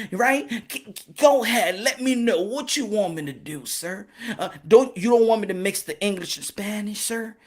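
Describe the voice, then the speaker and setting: A man hosting a boxing channel on a live stream, loud, rowdy and swaggering, who breaks into Spanish. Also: sits high.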